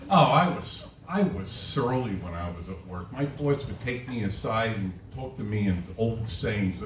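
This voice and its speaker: A mid-range, darkish voice with lively intonation moves at a measured pace with hardly any pauses. The speaker is a man in his sixties doing self-deprecating stand-up for a live winery audience, picked up by a distant camera on a tripod at the back of an echoey room amid crowd noise.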